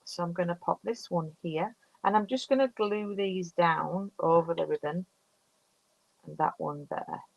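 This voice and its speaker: Her voice fairly low and gravelly, a woman from the UK in her fifties speaks a little slowly as she makes cards live, narrating each step and sharing viewer comments. The recording is dry and lo-fi.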